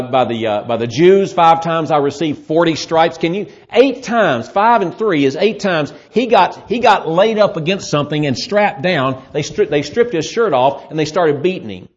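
A man preaching a sermon, explaining scripture in a lively way and acting out the voices of people in the story. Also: fairly high pitch, normal speed. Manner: lively, acts out voices in Bible scenes. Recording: muffled lo-fi sermon recording.

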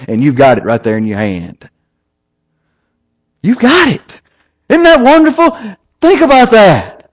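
A man preaching an evening sermon, emphatic and lively, asking the listeners rhetorical questions. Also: sits high. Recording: slightly dull lo-fi recording.

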